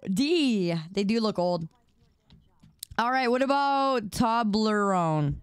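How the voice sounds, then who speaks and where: A woman's voice: a little high, animated, slow, smooth, no echo, clean studio sound. A woman streamer chatting playfully with her viewers, repeating words in a sing-song drawl. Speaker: livestreamer. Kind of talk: casual live-stream chat.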